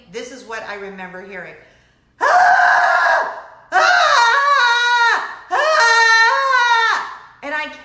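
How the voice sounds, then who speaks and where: Middle-aged woman host, bright and animated, giggly chat, echoey room. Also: on the high side. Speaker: host of a weekly chat show. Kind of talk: casual chat to camera.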